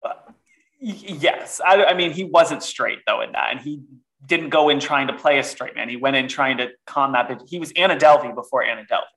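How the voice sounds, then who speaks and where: A man in a casual podcast chat, animated and theatrical, who swears freely. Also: medium pitch, a little fast. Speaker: podcast co-host.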